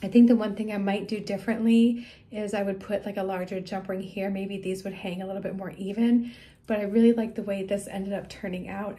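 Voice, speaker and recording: A woman's voice: medium pitch, flat delivery, a little fast, warm tone. A middle-aged woman hosting a casual beading tutorial, chatty and homey, with frequent ums. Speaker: beading video host. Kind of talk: casual crafting tutorial chat.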